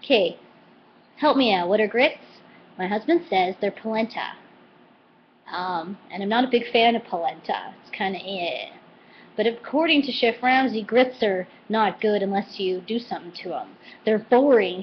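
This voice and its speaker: A woman's voice: medium pitch, moderate pace. A woman vlogger chatting casually and animatedly as she recaps a TV cooking show episode. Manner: chatty and animated, quoting with put-on voices. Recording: slightly dull lo-fi home recording with faint noise.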